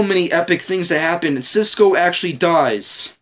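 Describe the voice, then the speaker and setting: A man giving an excitable, rambling TV episode review, swearing often and restarting his sentences. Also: high-pitched, moderate pace, few pauses. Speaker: TV show reviewer. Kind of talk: casual spoken review.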